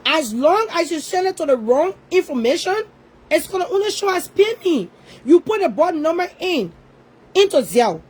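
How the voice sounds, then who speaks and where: A woman's voice: high voice, darkish tone, low-quality recording. A woman ranting as an online commentator, scolding and confrontational, repeating her points to hammer them home. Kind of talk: ranting social media commentary.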